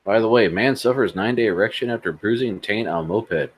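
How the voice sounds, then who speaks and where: Lower-voiced man, blunt and sarcastic. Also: fairly quick, low-quality recording. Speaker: podcast co-host. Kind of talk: casual podcast chat.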